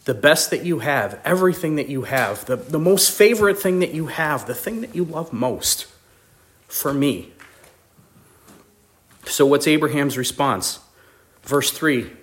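A man preaching a sermon, reading scripture slowly and pushing his voice up high for emphasis before dropping it low and quiet. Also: animated. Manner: reads scripture slowly in old-style wording.

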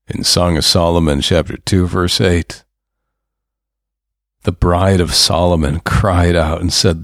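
A male preacher delivers a sermon in a low, deep voice, taking his time with long drawn-out pauses. He is fervent and builds to emphatic bursts. The sound is dry and close. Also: vocal fry, no echo.

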